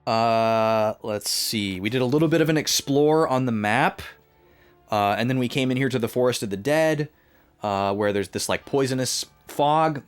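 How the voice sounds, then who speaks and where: A man's voice: medium pitch, clean tone. A man streaming a video game, casually recapping last week's progress with many filler sounds and restarts. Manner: rambling with many filler uhs. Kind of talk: casual let's-play recap.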